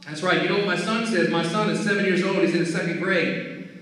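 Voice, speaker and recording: A man giving an energetic motivational talk to schoolchildren, repeating key phrases and calling for answers. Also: high-pitched, fast, noisy background. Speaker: guest speaker at a school. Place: school hall or gym. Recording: echoey hall picked up from far off.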